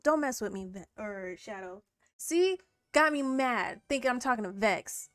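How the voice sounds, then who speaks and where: A woman's voice: fairly high pitch, moderate pace, no echo, clean studio sound. A woman livestreaming a game, chatting casually and profanely with her viewers, muttering to herself and then playfully scolding chat. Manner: muttering to herself between outbursts.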